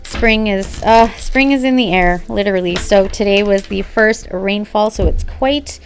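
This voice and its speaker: A woman's voice: medium pitch, a little slow. A woman doing a casual spoken tarot reading at home, gushing and affirming as she talks straight to her viewers. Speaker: tarot reader. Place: home room at a reading table.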